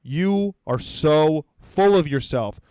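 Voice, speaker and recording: A man's voice: fairly high pitch, expressive, takes it slowly, warm tone, clear, resonant tone, dry recording. A young adult man hosting a comedy podcast, ranting sarcastically with lots of swearing and mocking impressions. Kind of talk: comedic rant.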